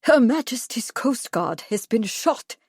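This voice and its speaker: A woman's voice: mid-range voice, animated, normal speed, darkish tone, no echo, studio quality, natural voice. A woman voicing a commanding, imperious prince in an audiobook. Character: imperious royal prince, older man.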